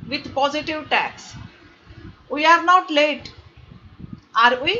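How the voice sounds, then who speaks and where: A woman with an Indian English accent teaching a grammar lesson, explaining slowly and patiently and checking that students understand. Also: sits high, bright, forceful tone. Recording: dull lo-fi with faint noise.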